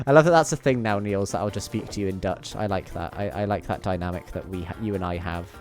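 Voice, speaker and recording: This young gamer, broadcasting from his bedroom, speaks a bit quickly in a lowish voice as he banters and rambles with his viewers. Soft music plays in the background.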